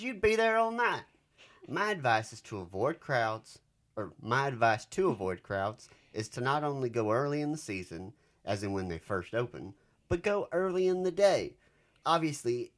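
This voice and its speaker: A man's voice: mid-range voice, close to an everyday voice. A bossy haunted-house fan with a thick Southern US accent lectures the crowds on how to visit, as a man puts him on. He hammers his points with a raised, lifted voice. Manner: emphatic, lecturing. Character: opinionated male haunt fan reviewer.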